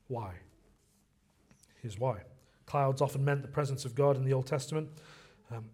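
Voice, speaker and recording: A man's voice: mid-range voice, darkish tone. A man preaching a sermon in a conversational way, often repeating phrases for emphasis.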